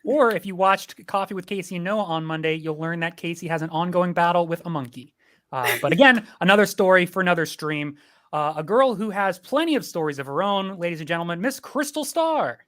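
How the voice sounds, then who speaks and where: A man's voice: high-pitched, brisk, fairly bright tone. A man hosting a streamed panel over a video call, introducing guests with playful wordplay. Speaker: host.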